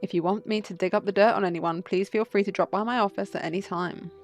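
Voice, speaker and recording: A woman reading the lines of a courteous, scheming male fox gentleman from a game, in polished formal speech. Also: mid-range voice, steady tone, fast, faint music behind, close to an everyday voice. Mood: polite.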